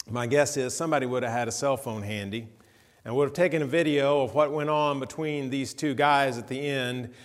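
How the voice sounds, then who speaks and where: Storytelling preacher in a reverberant hall. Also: male voice, mid-range voice. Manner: vivid storytelling, rising to animated emphasis. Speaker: pastor. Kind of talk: sermon.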